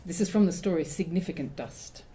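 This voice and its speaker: A woman, an author, introducing and reading her own fiction aloud in a measured, expressive way. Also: on the low side, slight background noise.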